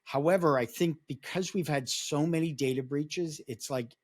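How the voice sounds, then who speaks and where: A man's voice: fairly high pitch, moderate pace. A man speaking as a podcast guest, explaining his points at length in a conversational, storytelling way. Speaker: podcast guest, security awareness advocate. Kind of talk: podcast interview.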